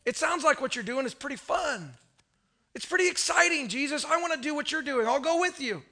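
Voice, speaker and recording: Preacher playing an excited, keen follower, high and bright. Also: male voice, fairly quick, heavily acted. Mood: eager. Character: eager young male would-be follower.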